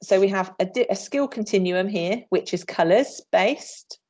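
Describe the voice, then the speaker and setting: Over a video call, a woman from England leads a workshop for teachers as a PE trainer, upbeat and showing the moves while talking. Her voice is mid-range, moderately paced, and darkish.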